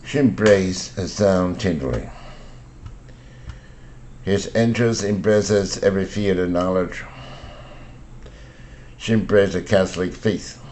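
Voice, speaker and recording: An older man reads English vocabulary words and example sentences for learners. His voice is very low and his pace unhurried and deliberate. A faint hum of room ambience sits behind him. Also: a little mellow. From Taiwan. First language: Mandarin. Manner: slow, deliberate word-by-word reading. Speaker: English pronunciation teacher.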